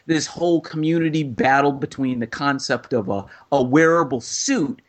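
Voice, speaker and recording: A man's voice: medium pitch, moderate pace. A man ranting in a casual chat, acting out scenes in quoted voices.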